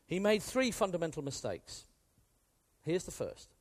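A British man preaching a sermon with a British accent, in an animated, conversational way that swings from hushed to emphatic. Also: a little high, a little slow. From Britain.

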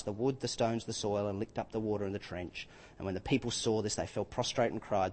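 A man preaching a sermon, retelling scripture with lively acted-out quotes. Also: fairly low pitch, a little fast, in a large hall.

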